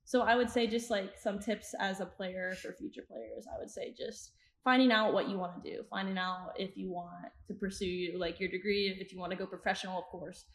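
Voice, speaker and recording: A chatty young woman, a soccer coach appearing as a podcast guest, tells stories in a casual interview with a brisk pace and few pauses. Her mid-range voice has fairly even intonation, and she retells scenes with quoted asides and frequent laughs. The recording is roomy with noticeable echo.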